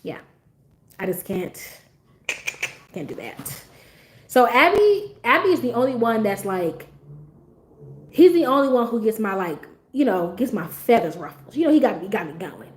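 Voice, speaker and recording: A woman's voice: fairly high pitch, big pitch swings, a little slow, long pauses. A young woman hosting a livestream, chatting casually to her viewers, blunt and profane and laughing often. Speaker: livestream host.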